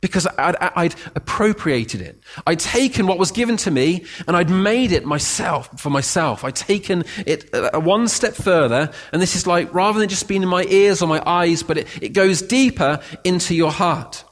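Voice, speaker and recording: Man preaching a lively sermon. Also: sits high, moderate pace, few pauses. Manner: shifts from quiet reading to emphatic shouting. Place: church.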